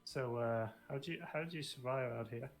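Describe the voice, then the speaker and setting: A man joking with quick quips while playing a tabletop game in character. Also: mid-range voice, gravelly, faint music behind. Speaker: player.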